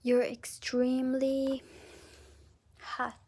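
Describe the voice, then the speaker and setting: A woman reads cards in a casual, halting way, full of restarts, often sinking into a whisper mid-thought. Her voice sits fairly high with a steady, flat melody and a gravelly, fry-laden texture. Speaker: tarot card reader. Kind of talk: casual pick-a-card reading.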